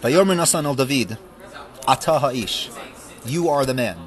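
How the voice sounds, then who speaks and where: A man teaching a Torah lesson, reading verses aloud and explaining them with fervent emphasis that falls back to quiet reflection. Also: mid-range voice, expressive, normal speed, pauses often. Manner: reads verses aloud, then translates and explains. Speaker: rabbi teaching a class.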